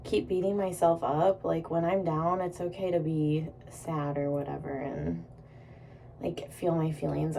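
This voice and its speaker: Doing her makeup indoors at home, a young woman rambles through a casual vlog, giggling and cursing without restraint. She has a deep, creaky, unhurried voice, recorded on a distant mic over background noise.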